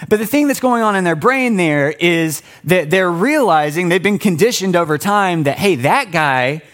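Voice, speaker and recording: A man preaching a sermon in a casual, animated storytelling way, often restarting his sentences. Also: sits high, moderate pace. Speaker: pastor.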